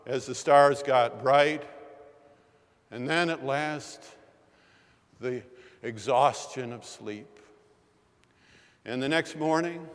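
A man in his sixties preaching a sermon in a chapel, telling a story in a measured, unhurried way. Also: medium pitch, fairly bright tone. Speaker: pastor. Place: large chapel. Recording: long reverb of a chapel.

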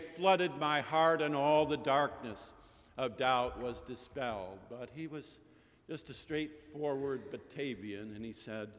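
Slow preacher in a reverberant chapel. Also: male voice, mid-range voice. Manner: storytelling preacher with rising emphatic cadences. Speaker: pastor. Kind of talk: sermon. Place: large chapel.

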